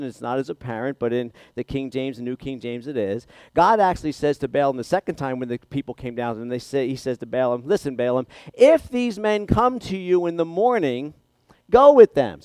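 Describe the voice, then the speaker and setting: A male pastor preaches with animated storytelling and acts out the voices in the story. His voice sits a little high. The sound is dry and close. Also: no echo. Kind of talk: sermon.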